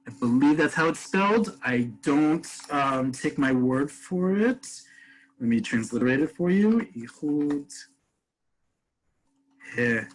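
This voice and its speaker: Husky-voiced man teaching a webinar. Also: on the high side, animated, measured pace, rough recording. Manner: explains step by step, answers chat questions. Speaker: Hebrew teacher. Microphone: video call.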